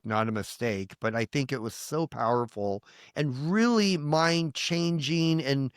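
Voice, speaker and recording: A man's voice: mid-range voice, dry recording, clean studio sound. A man in his fifties, a pastor, telling his personal testimony in an earnest, rambling way, full of restarts and quoted prayers. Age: 50s. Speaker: pastor and guest.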